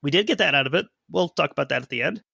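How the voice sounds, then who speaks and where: Bright-voiced man on a history podcast. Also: fairly high pitch, animated, racing, vocal fry, breathy edge, dry recording. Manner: reads sources aloud, dry jokes. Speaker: podcast co-host. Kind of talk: history podcast narration and chat.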